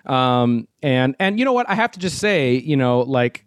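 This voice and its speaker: A man hosting a casual chat, telling a story in an animated way, acting out quotes and swearing freely. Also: mid-range voice, normal speed, dry recording, clean studio sound. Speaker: show host telling a story.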